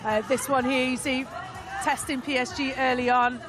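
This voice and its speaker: A woman's voice: high-pitched, flat delivery, moderate pace, over music, a crowd in the background. A woman from England with a Lancashire accent, enthusiastically talking through match replays as a pundit. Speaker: football pundit. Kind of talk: match highlights analysis.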